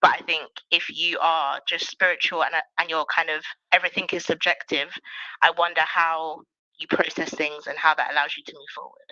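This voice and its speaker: A woman on an online panel speaking in a measured, thoughtful way. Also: low voice, fairly even intonation, pushed and bright, no echo, dull audio. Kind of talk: casual panel discussion.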